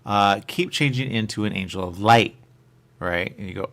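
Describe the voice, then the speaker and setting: Rambling low-voiced radio host. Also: male voice, normal speed, fairly bright tone. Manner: rambling, trails off, repeats "there you go". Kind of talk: casual talk radio chat.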